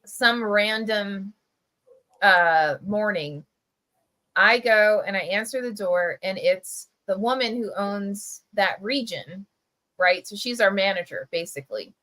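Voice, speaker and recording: Bright-voiced chatty woman telling a story. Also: mid-range voice, takes it slowly, low-quality recording. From Camden, New Jersey. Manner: chatty, lots of "like" and "right?". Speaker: press editor. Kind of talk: casual livestream storytelling. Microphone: video call.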